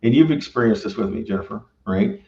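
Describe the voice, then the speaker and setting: A man's voice: lowish voice, animated, brisk, gravelly, warm tone. A middle-aged man, a restaurant owner, telling his story in casual, rambling conversation full of tag questions. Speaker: barbecue restaurant owner and former engineer. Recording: roomy, dull recording.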